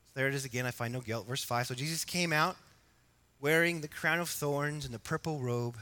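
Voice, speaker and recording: A man preaching an expository sermon, emphatic at times and quiet at others, asking his congregation questions. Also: mid-range voice, brisk. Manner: emphatic, rising to loud exhortation, then quiet and reflective. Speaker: pastor.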